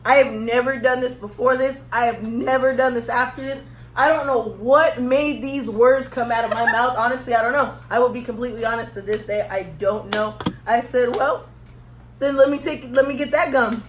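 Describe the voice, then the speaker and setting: A woman's voice: fairly high pitch, fairly even intonation, fairly quick. A young woman telling a storytime vlog, rambling and laughing at herself. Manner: laughing, rambling, self-teasing. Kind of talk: casual storytime chat. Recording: echoey room, faint background hum.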